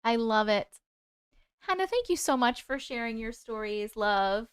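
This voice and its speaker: A woman reads viewer-submitted stories aloud on a live stream and chats with the audience between them. Her voice sits fairly high and sounds smooth and clear. The sound is dry and close, and she reacts to comments with open emotion. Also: expressive, measured pace, dry recording.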